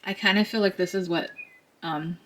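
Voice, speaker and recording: A woman giving an intuitive card reading to her viewers, speaking softly and emotionally, sometimes close to tears. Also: on the low side, steady tone, moderate pace, a little hiss or hum, rough recording. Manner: soft, emotional, near tears, laughing at herself. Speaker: tarot reader.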